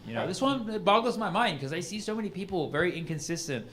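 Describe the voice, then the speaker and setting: A man's voice: high-pitched, animated, fast, fairly bright tone. A man doing a stand-up comedy set in a rambling, ironic way, full of "like" and "you know", recorded live on a comedy club stage with audience noise.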